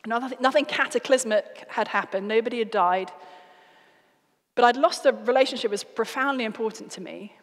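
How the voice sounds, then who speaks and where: A British woman giving an evangelistic talk, telling stories in an earnest, expressive way. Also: fairly high pitch, fairly quick. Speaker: guest speaker. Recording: reverberant hall.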